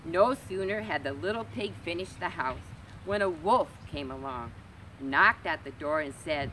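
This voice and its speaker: A woman librarian reading a storybook aloud to children, gentle and expressive. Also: low voice, unhurried, a little hiss or hum. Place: community library.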